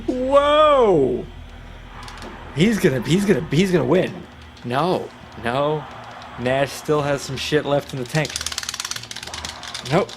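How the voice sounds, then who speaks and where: A male streamer reacting to a wrestling game in real time, excitable and foul-mouthed. His voice sits a little high and his delivery is slow and drawn out, with faint music playing in the background. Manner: excitable, swearing, trash-talking the game. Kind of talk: profane live gameplay commentary.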